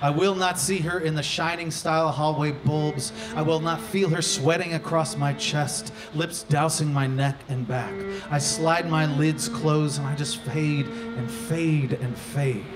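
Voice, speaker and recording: High-voiced man performing spoken word poetry. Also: steady tone, measured pace, few pauses, music in the background. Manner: dramatic delivery, swinging from hushed to loud. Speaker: performance poet. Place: poetry venue stage.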